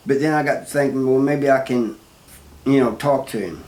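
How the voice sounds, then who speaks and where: A man telling his own story in a plain, halting way, full of restarts and "you know.". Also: mid-range voice, a little mellow. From Missouri, US. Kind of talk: first-person storytelling. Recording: roomy, with faint background noise.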